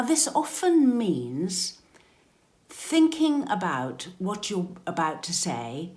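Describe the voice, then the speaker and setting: Slow, lively-toned British woman coach. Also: medium pitch. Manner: calm, measured, gently instructive. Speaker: step-family coach. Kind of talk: advice talk to camera.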